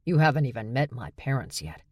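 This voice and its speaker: A woman reading an audiobook, voicing a blunt, sharp-tongued young woman who sounds exasperated and matter-of-fact. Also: extremely low pitch, very animated, a little fast, husky, dry recording, clean studio sound, exaggerated voice.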